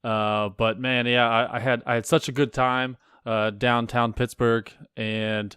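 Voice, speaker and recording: A man co-hosting a podcast in casual chat, halting and full of fillers as he gives his weekly update. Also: mid-range voice, flat delivery, pushed and bright, smooth, no room sound, clean studio sound. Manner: halting, lots of fillers and restarts. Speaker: podcast co-host.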